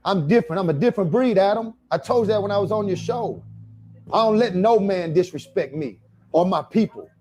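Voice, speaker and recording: A man's voice: sits high, lively intonation, a little fast, a little mellow, a little hiss or hum. A man in a played clip, talking in a confrontational, boastful and profane way. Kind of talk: clip of a heated rant.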